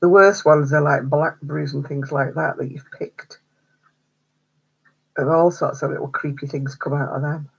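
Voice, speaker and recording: A woman's voice: sits low, steady tone, moderate pace, gravelly, breathy edge, lo-fi sound. A woman hosting a craft livestream, chatting casually with viewers, answering their comments and laughing often. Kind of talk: casual chat with live viewers.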